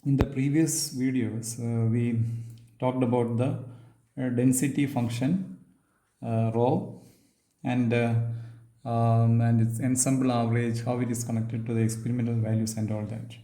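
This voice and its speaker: A male lecturer works through a physics theorem at a slow, deliberate pace, filling pauses with "uh" and "um" as he writes. His voice is mellow and of middle pitch. The sound is echoey, as in a bare room. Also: little pitch movement. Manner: halting, many fillers, restates as he writes. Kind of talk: physics lecture while writing on a board.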